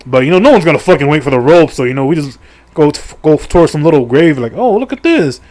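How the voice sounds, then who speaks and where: A man's voice: fairly high pitch, fast, a little mellow. A middle-aged man casually retelling a video game story, crude and full of swearing and fillers. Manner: crude, profane and joking, with lots of fillers. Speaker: video creator. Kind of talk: casual rambling game recap.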